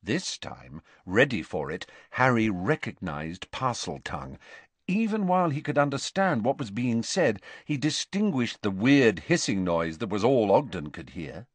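A man narrating an audiobook in a measured, expressive storytelling voice. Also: lowish voice, no echo. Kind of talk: scripted narration.

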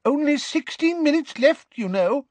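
A man's voice: high voice, lively intonation, measured pace, darkish tone, no echo, voice pushed up. A man voicing a fussy elderly male wizard examiner who is easily scandalized, in a storybook reading. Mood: anxious. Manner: prim, flustered, scandalized.

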